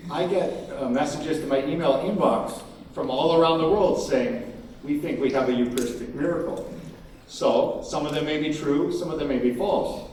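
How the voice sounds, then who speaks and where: A man giving a conference keynote, animated and emphatic, acting out quotes from crowds. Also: on the high side, slight background noise. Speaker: keynote speaker. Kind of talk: conference talk. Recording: echoey hall from far off, faint ambience.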